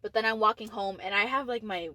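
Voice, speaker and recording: A woman's voice: mid-range voice, fast, bright, forceful tone, no room sound. A teenage woman co-hosting a podcast, telling a candid story full of "like" fillers and swearing. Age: teens. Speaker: podcast co-host. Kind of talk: casual storytelling chat.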